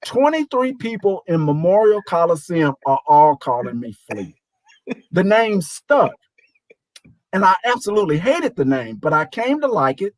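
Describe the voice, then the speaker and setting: A man in his sixties, a show guest, telling a lively anecdote and acting out the voices of people in it. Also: high-pitched, moderate pace, no room sound, poor audio. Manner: animated, acts out quoted voices. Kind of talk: storytelling anecdote.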